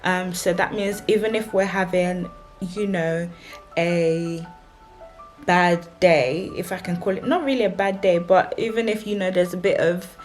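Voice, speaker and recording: A young woman talks straight to camera, handing out marriage advice in a chatty, emphatic way and repeating her warnings. Her voice sits a little low. Faint music plays quietly behind her. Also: steady tone, measured pace. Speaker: married vlogger giving relationship advice. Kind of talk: casual advice talk to camera.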